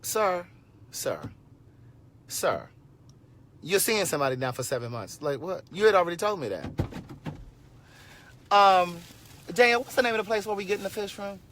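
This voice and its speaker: A man in his forties telling a story to his viewers in a casual livestream, animated and sassy, with frequent asides. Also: high-pitched, moderate pace, pauses often, a little hiss or hum. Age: 40s.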